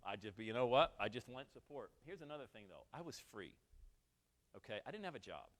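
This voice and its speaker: With a mid-range voice and a fast delivery, a man in his forties from Western New York gives a keynote in an event hall, where a long reverb tail follows his words. He's animated, telling a personal story and cracking jokes to the audience as a motivational speaker.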